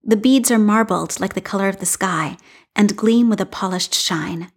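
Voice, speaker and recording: A woman reading a fan fiction story aloud in a calm, measured narration. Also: medium pitch. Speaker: reader.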